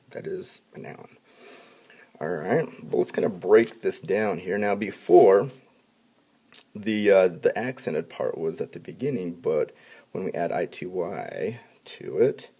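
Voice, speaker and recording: A man teaching a spelling lesson to students, upbeat when addressing the class and dropping to quiet asides while he writes. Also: sits low, creaky, husky. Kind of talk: classroom instruction video.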